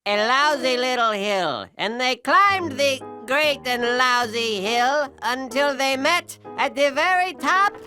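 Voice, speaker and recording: A woman's voice: high voice, lively intonation, slow pace, hardly any pauses, pushed and bright, smooth, dry recording, soft background music, heavily acted. Woman doing a grandiose storytelling mule. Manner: grandly theatrical, keeps getting names wrong. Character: pompous male storytelling mule, rambling. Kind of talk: children's cartoon voice acting.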